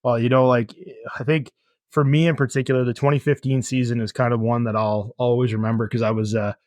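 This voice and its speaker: Rambling football coach, dry sound. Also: male voice, medium pitch, level tone, fast talker, a little mellow, dry recording. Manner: rambling anecdotes with many fillers and restarts. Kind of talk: casual podcast storytelling.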